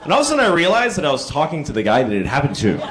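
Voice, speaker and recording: A man doing a stand-up comedy set, telling stories and acting out people in sudden high yelps. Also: huge pitch swings, rapid-fire, very noisy. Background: audience laughter.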